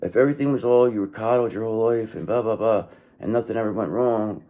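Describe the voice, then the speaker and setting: With a mellow, lowish voice on dull audio, a man talks quickly through a casual tarot reading. He's blunt and profane, repeats himself, and keeps saying "okay" to check in.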